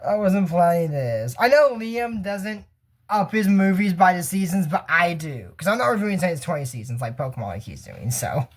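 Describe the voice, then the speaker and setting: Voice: mid-range voice, very animated, moderate pace. Rambling casual cartoon reviewer. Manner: rambling, goes off on tangents, chuckles often. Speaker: YouTuber reviewing a cartoon episode. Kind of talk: casual commentary.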